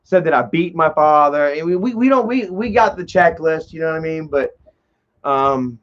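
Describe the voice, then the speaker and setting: A man telling a long, rambling story on a livestream, swearing freely and filling every pause with "you know" while greeting viewers in chat. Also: fairly high pitch, lively intonation. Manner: profane, heavy on fillers like "you know". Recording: dull lo-fi livestream audio.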